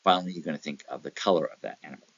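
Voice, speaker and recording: Speaking very fast in a rumbling low voice that's a bit bright, this man delivers a motivational real estate talk. He tells anecdotes, acts out small voices, and keeps asking "okay?" The recording sounds dry and muffled.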